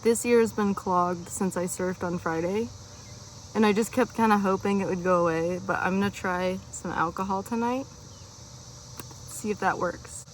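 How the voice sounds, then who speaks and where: A chatty, upbeat young woman talks into a phone camera on a road trip, loose and conversational, with a habit of saying y'all. Her voice sits at a middling pitch for a woman. A constant hiss of car and outdoor noise runs under the recording. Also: normal speed. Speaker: van-life vlogger. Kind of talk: casual travel vlog. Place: in and around a minivan on a road trip.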